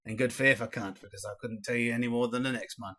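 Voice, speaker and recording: A man's voice: mid-range voice, steady tone, quick pace, bright, forceful tone, lightly acted. A man doing a wry, skeptical tavern keeper. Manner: rambling, wry and dismissive, with frequent uhs.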